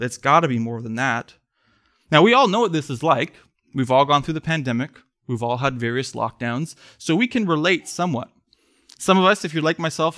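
A man preaching a sermon in church, earnest, swelling to emphatic pleas and then sinking soft. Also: on the high side. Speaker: pastor.

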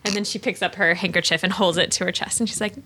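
A woman's voice: on the low side, fairly even intonation, quick pace, bright, forceful tone. A woman playing a character in a tabletop role-playing game, playful and giggly. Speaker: player.

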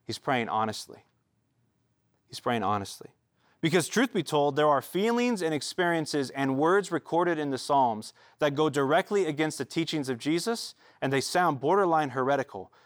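A man delivers a sermon as a pastor, talking to his listeners in an earnest, conversational way. His voice sits a bit higher than most men's. The recording is close and dry, with no room echo. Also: lively intonation, normal speed, few pauses.

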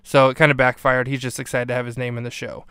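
A man's voice: medium pitch, level tone, fast talker, heavy background noise. A man hosting a podcast, casually recapping and ranking a sitcom episode in a rambling way, with plenty of ums and restarts. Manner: rambling, filler-heavy recap. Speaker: podcast host.

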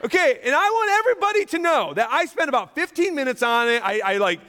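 A male pastor preaching with a high, animated voice that rises and falls all over the place. He jokes and laughs with his congregation between points, poking fun at himself. His voice rings out with the long reverb of a large church hall. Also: quick pace. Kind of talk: sermon.

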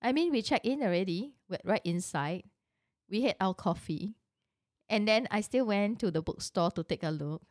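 A woman's voice: medium pitch, animated, moderate pace, darkish tone, no echo, clean studio sound. A middle-aged woman telling a personal story in a casual, chatty way, full of rhetorical questions and asides.

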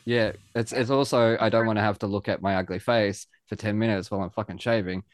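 A man's voice: lowish voice, steady tone, fast, dry recording. Dry-sounding joking man. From Australia. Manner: joking, self-mocking, swears casually. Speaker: podcast host. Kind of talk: casual chat.

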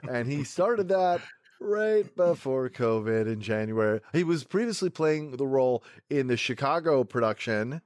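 A man's voice: mid-range voice, lively intonation, unhurried, darkish tone, dry recording. A man hosting a comedy podcast, chatting playfully and joking around, sometimes stumbling over his words. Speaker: podcast host. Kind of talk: casual comedy chat.

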